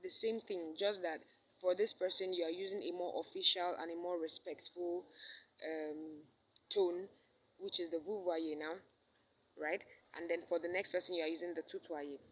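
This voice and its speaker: Woman teaching French, low voice. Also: steady tone, normal speed, husky, low-quality recording. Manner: repeats example phrases, checks in with "all right?". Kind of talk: recorded language lesson.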